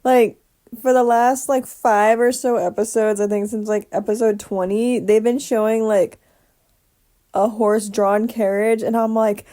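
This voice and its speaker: A young woman vlogs through her day with a slightly high voice. She rambles in a chatty, offhand way and drops the odd swear word. Her talk is loose and unscripted. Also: steady tone, normal speed, mellow. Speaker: vlogger. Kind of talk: casual daily vlog.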